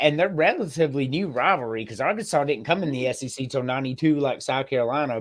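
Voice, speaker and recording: Brief: animated male sports-podcast host, lively pitch, faint noise. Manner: animated, laughs a lot, swears freely. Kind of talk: casual sports chat.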